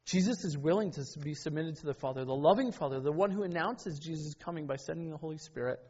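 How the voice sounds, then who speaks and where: A man's voice: a little high, quick pace, a little mellow, husky. A middle-aged man preaching a sermon in an earnest, conversational way, with personal stories and frequent self-corrections. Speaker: pastor. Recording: dull lo-fi sermon recording.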